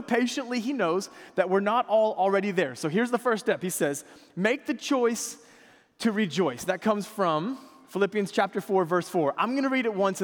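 High-voiced man preaching in a reverberant church. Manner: conversational preaching, asks congregation to respond. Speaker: pastor. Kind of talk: sermon. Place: church sanctuary. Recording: long hall reverb.

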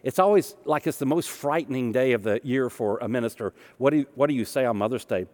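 A man's voice: mid-range voice, fast, a little mellow. Man preaching with long hall reverb. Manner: storytelling, conversational with humor. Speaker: minister. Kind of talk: sermon.

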